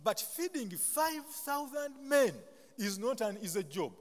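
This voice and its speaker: A high-voiced Ugandan pastor from Buganda preaches a very animated sermon, breaking off mid-sentence with a questioning "what?" so the congregation can supply the word. He weaves humorous, self-deprecating asides into his call-and-response preaching. A long chapel reverb trails after his voice.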